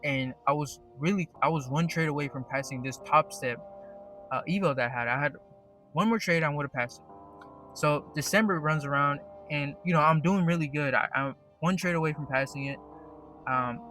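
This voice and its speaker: A man's voice: medium pitch, bright, forceful tone. A young man telling a story in a casual, rambling monologue, swearing often and restarting his sentences. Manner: profane, rambling, many restarts. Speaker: day trader vlogger. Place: at work.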